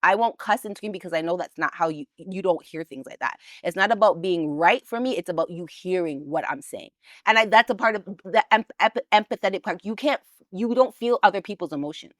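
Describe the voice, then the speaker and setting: A woman's voice: on the low side, a little fast, a bit bright, dry recording, clean studio sound. A woman co-hosting a couples podcast in casual chat, pressing her point and restarting her sentences often. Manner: insistent, explains with many restarts. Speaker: podcast co-host.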